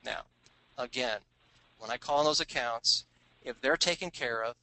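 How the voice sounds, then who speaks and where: A man, the author of a sales book, telling stories of his sales tricks in a lively way and acting out phone calls in put-on voices. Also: mid-range voice, moderate pace, poor audio. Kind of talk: storytelling business talk.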